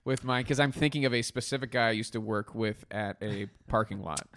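A man's voice: fairly low pitch, brisk, fairly bright tone. A man guesting on a podcast, a comedian telling rambling anecdotes in casual chat.

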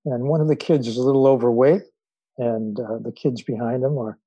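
A man who is a psychologist and author, a guest on an interview podcast, telling stories thoughtfully with frequent filler pauses. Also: mid-range voice, steady tone, dark tone, slightly rough, dry recording, highs cut off. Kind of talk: relaxed storytelling in conversation.

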